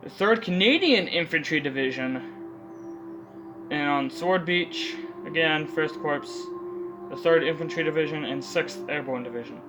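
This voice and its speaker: A man's voice: fairly high pitch, normal speed, low-quality recording. A young man reading out historical facts in a casual commentary, stumbling over names and correcting himself with muttered asides. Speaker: video creator. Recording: music playing loud under the voice.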